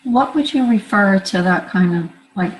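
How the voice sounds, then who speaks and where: A woman interviewer asking questions haltingly, searching for her words. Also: medium pitch, animated, a little hiss or hum, poor audio. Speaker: interviewer host.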